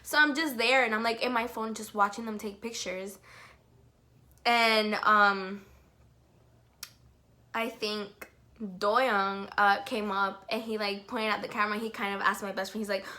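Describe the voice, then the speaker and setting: A young woman vlogging an excited storytime, gushing with lots of "like" and breaking into giggles. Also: mid-range voice, a little slow.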